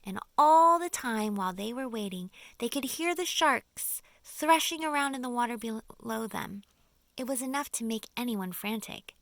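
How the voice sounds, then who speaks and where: Bright, expressive woman reading aloud. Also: a little high, normal speed, no echo. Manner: expressive reading with whispered suspense. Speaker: audiobook reader. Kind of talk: children's audiobook narration.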